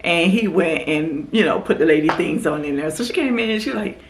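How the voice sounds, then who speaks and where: A woman vlogger telling a casual story to her camera, animated and acting out what people said. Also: a little fast, a little hiss or hum. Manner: animated storyteller, acts out quotes in a higher voice. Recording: echoey room.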